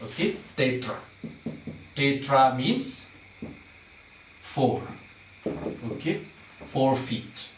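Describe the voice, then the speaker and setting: A man's voice: mid-range voice, expressive, takes it slowly. A male teacher patiently explaining a poem to a class, often checking understanding with "okay?". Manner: patient, repeats points, keeps checking with "okay?". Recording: roomy sound, far from the mic, faint noise.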